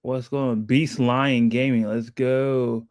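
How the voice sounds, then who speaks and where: A man's voice: medium pitch, level tone, slow, a little mellow, dry recording, clean studio sound. Upbeat, hype-driven male stream co-host. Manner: upbeat, greets viewers by name, hype phrases. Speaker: co-host of a developer live stream. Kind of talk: casual live-stream chat.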